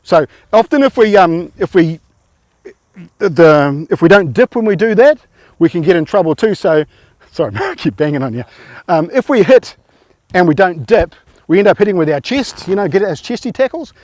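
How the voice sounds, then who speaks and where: A man's voice: high-pitched, very animated, moderate pace, a little mellow, no echo. A man coaching rugby players through tackle drills, informal and encouraging, often quizzing them.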